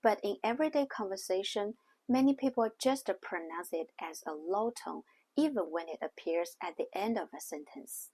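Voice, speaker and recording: A woman teaching a language lesson in a scripted way, speaking slowly and carefully and demonstrating sounds one at a time. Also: medium pitch, expressive, dark tone, breathy edge. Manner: slow, careful, demonstrating tones on single syllables.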